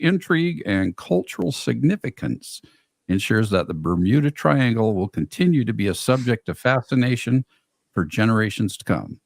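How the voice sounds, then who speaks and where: A man co-hosting a casual podcast, chatting and then reading a scripted closing in a slow, measured way. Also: on the low side, dry recording, clean studio sound. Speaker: podcast co-host. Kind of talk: casual chat.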